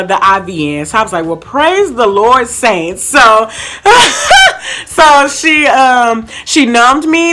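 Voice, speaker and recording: Bright-voiced young woman vlogger. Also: mid-range voice. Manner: chatty, animated retelling with acted-out quotes and many fillers. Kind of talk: casual storytime vlog.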